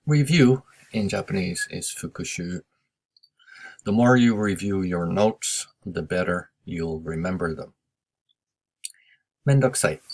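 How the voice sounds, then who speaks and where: A man's voice: low voice, breathy edge. A man teaching English, patiently going over class notes and giving Japanese translations. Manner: slow, patient explaining with Japanese glosses. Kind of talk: recorded lesson review.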